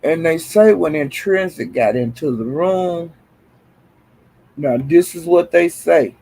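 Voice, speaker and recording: Male livestream host, raspy and gravelly, dramatic and exasperated gossip tone. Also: a little high, slow, dark tone, poor audio. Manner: exasperated, dramatic, sighs and exclamations.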